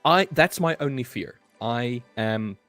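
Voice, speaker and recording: A man's voice: mid-range voice, animated, measured pace, fairly bright tone, faint music behind. A man, co-hosting a livestream in casual, joking chat that stumbles over repeated words. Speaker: livestream co-host.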